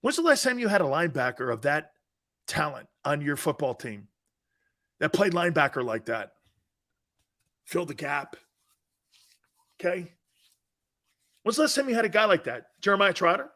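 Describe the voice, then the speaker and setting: Brash animated sports talk host. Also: male voice, on the high side, normal speed, long pauses. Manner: brash, loud, laughs often, swears, answers chat comments. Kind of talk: casual sports radio chat.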